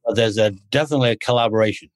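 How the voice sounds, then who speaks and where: A man's voice: lowish voice, rapid-fire, dry recording. A man talking as a podcast guest, a martial arts instructor in casual conversation, who rambles through stories and restarts his sentences. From United States. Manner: rambling storyteller, restarts often.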